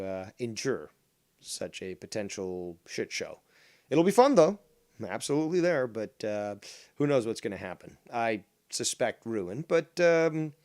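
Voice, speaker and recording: A man's voice: on the low side, darkish tone, dry recording. A man hosting a drama commentary show, combative and profane as he mocks a rival's clip.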